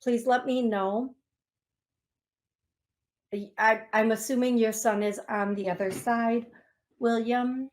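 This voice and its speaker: A woman with an Upper Midwest American accent hosts a call-in radio show. She talks slowly and gently, with a slightly higher voice. She grows emotional now and then while reading listeners' messages. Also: steady tone. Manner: slow, gentle, emotional, reads chat messages aloud. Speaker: psychic medium radio host.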